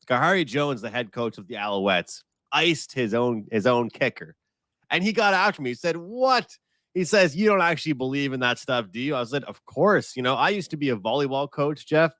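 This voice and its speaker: A man appearing as a sports betting guest who talks in a chatty way and tells stories with quick asides. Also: medium pitch, pushed and bright, no echo. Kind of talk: casual sports betting chat.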